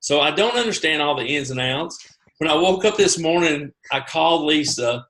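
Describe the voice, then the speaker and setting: A man telling his own story on a video call, animated and poking fun at himself. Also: on the high side, brisk. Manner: animated, self-mocking, acts out his own reactions. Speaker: guest sharing his sales story.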